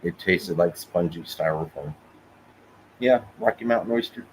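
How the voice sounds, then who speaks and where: Low-voiced man, dry podcast banter. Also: moderate pace, slight background noise, rough recording. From Oklahoma. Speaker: podcast co-host. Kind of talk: casual live chat.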